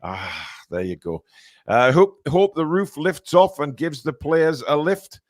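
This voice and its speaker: A man's voice: fairly high pitch, sing-song, measured pace, dry recording, studio quality. Chatty English man hosting a fan stream. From England. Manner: chatty, many fillers, reads out viewer comments. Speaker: host of a live fan stream. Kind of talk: casual live-stream chat.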